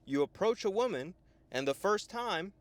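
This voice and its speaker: A young man and life coach giving a profane, lively motivational monologue, often tagging "right?". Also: high-pitched, normal speed, no echo. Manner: animated, profane, full of "right?" tags.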